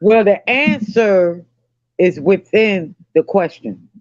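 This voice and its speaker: Very high-voiced slow drawling man. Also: animated, no room sound. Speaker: panelist. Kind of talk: casual banter with friends. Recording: dry, dull lo-fi recording.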